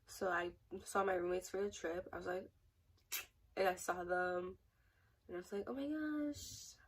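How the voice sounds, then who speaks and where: A woman's voice: fairly low pitch, little pitch movement, moderate pace, breathy edge, far from the mic, poor audio. A young woman in a casual storytime vlog, rambling and chatty with many fillers. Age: young adult. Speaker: vlogger.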